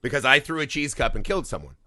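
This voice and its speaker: Bright-voiced man telling a wild story. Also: medium pitch, fast, no echo, studio quality. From Indiana. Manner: animated storytelling, heavy swearing, laughing. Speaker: podcast co-host. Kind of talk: casual chat.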